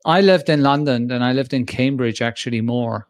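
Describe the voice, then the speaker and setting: A man's voice: medium pitch, normal speed, no room sound. Male podcast co-host from Spain, jokey and loose, dry close sound. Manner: joking, mock sponsor plugs. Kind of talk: casual chat.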